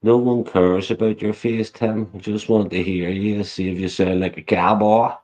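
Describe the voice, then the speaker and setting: A man's voice: lowish voice, fairly even intonation, normal speed, darkish tone. A man chatting on a live stream, teasing others crudely and swearing constantly. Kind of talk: casual chat.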